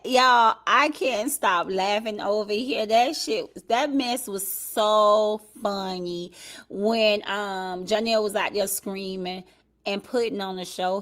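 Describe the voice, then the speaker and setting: A woman hosting a casual livestream commentary show, talking straight to her chat in a drawn-out way. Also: medium pitch. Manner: drawn-out, talks to the chat directly.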